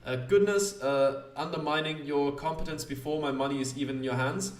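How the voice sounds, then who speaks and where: Guy doing a gruff salty smuggler, curt, haggling, roomy distant sound. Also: a little high, brisk, natural voice. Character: gruff middle-aged male smuggler.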